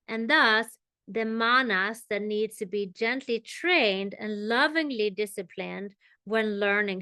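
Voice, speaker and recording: Woman, meditation teacher, tense bright tone, very measured delivery, keeps checking in with the class. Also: on the high side, no room sound. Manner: unhurried, explanatory, checks in with "okay" and "right?". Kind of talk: spiritual teaching.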